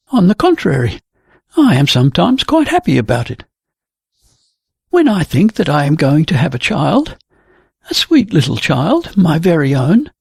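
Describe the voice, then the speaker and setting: A reader voicing a calm, resolute young woman. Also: medium pitch, gravelly, slightly rough, no room sound, clean studio sound, full character voice. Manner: quiet, firm and reflective.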